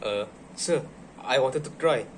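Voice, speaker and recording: A man's voice: medium pitch, a little slow, a little hiss or hum. A man acting as a student, politely answering questions in a hesitant way. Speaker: student in a classroom role-play.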